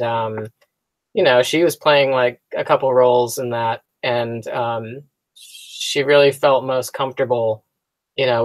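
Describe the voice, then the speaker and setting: A man being interviewed as an actor guest, telling dry, deadpan jokes in casual chat. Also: medium pitch, no echo, poor audio.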